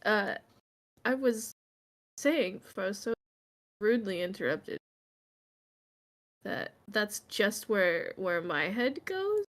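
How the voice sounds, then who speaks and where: Woman player thinking out loud, slow and rambly, jokey, home mic. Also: mid-range voice, very animated. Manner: rambling, thinking aloud, joking. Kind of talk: casual tabletop chat. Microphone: home mic on a video call.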